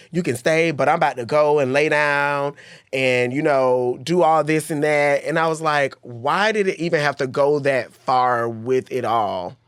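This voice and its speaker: A woman hosts a casual interview chat, reacting to her guest and recapping what happened. Her voice is smooth and resonant, recorded close and dry. She keeps the talk moving with chatty asides. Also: low-pitched, dry recording. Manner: chatty, quick to react and sum up. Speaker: podcast host.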